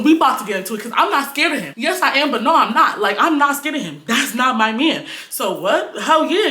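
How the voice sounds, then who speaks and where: A young woman vlogger telling a storytime tale in a slangy, animated way, acting out what people said. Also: fairly high pitch, roomy sound. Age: young adult. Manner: animated, slangy, acts out quotes loudly. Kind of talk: storytime vlog.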